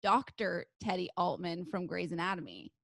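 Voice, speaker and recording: A woman's voice: fairly low pitch, expressive, normal speed, creaky, no room sound. A woman co-hosting a radio show in a studio, sharing a story in a giggly, chatty way. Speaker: radio co-host. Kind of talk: casual studio chat. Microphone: studio microphone.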